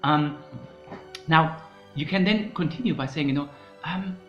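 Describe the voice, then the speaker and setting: A man's voice: fairly high pitch, unhurried. A man hosting a comedy podcast, giving a mock self-help lecture and rambling with "you know" and "okay?". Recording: roomy, dull sound with faint music.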